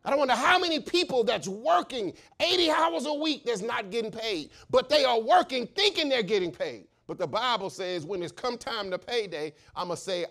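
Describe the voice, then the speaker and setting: Give me a male pastor preaching with passion, high and highly expressive, building to shouts and answering his own questions. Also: brisk, creaky, hardly any pauses. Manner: impassioned, shouting at peaks, call-and-response; storytelling with acted voices. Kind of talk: sermon.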